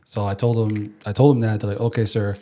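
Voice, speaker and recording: A young man from Canada hosting a podcast in casual chat, agreeing often and talking quickly. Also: lowish voice, level tone, dark tone. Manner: quick talker with many agreeing "yeah"s. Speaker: podcast host.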